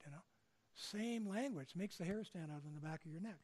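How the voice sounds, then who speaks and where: A man's voice: high-pitched, moderate pace, darkish tone. An older man from Canada giving a public lecture in a conversational way, often checking in with his listeners. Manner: conversational, frequent tag questions. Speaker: speaker.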